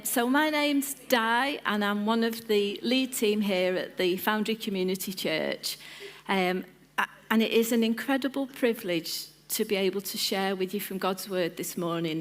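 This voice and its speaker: A woman's voice: mid-range voice, moderate pace. A woman on her church's lead team, giving an informal sermon, playful and chatty as she calls on the congregation by name. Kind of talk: informal sermon with audience interaction.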